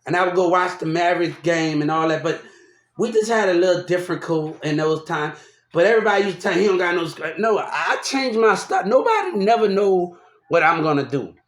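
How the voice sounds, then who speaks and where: A man telling a long personal story in a loud, rambling, casual way, often laughing as he talks. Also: high voice, a little fast. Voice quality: loud, animated, laughs often while talking. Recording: echoey room.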